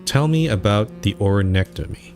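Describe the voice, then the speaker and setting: Man reading an inquisitive caller, low plain voice, game dialogue. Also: animated, moderate pace, music in the background, close to an everyday voice. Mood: inquiring. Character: man, player character posing as a visitor.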